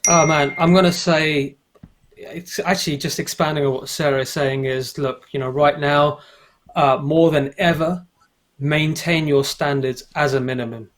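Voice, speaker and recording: A man's voice: fairly high pitch, fairly even intonation, normal speed. A male photographer on a livestream panel, speaking firmly and motivationally over a video call. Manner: firm, motivational.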